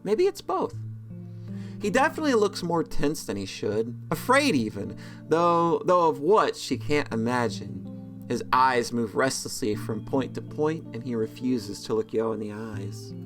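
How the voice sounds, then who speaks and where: A man's voice: mid-range voice, big pitch swings, moderate pace, music in the background. A man reading a visual novel's text aloud, breaking off for sarcastic, joking commentary. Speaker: let's play host.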